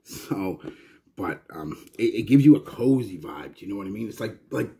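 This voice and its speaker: Low husky-voiced Canadian man. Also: lively intonation, normal speed, warm tone. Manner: rambling and chatty, with frequent restarts. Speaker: fragrance reviewer. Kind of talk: casual chat to viewers.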